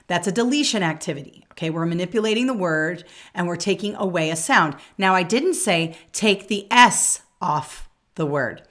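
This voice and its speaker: Coaching woman with a lowish voice. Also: animated, normal speed, few pauses, a bit bright. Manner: coaching, checks in with frequent "okay?". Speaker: test prep instructor. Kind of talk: explaining test questions.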